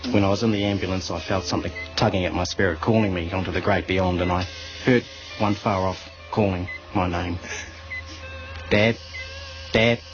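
Bloke doing a crude old kiwi dad, nz accent, low gruff voice, dull old radio clip with music behind. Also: male voice, steady tone, moderate pace, lightly acted. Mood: sentimental. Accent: New Zealand. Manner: blunt, grumbling, crass. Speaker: radio comedy character. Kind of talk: radio comedy sketch.

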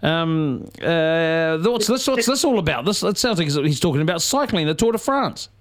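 A man's voice: on the high side, lively intonation, moderate pace. Playful rambling male radio host. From New Zealand. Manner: playful, rambling with many restarts. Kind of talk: casual radio chat.

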